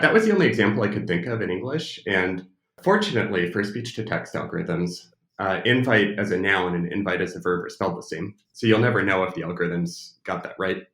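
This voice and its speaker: A man's voice: low-pitched, fairly bright tone. An American man being interviewed as an expert, speaking thoughtfully with hesitations and restarts. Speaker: podcast guest, speech technology expert. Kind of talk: casual interview talk. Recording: roomy echo.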